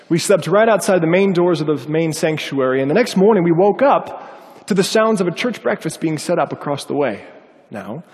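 A man preaches a sermon, recounting a personal story and animatedly voicing the people in it. His voice sits on the high side, trailed by a long reverb tail.

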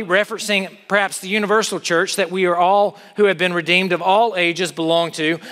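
Male pastor, earnest sermon delivery, rhetorical questions, high voice. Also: sharp tone, big-room sound.

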